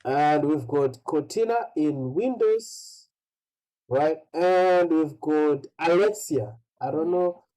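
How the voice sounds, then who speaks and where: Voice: medium pitch, slow, dark tone, rough recording. An English pronunciation teacher tutoring one student, patiently explaining and checking in with "right?" after nearly every phrase.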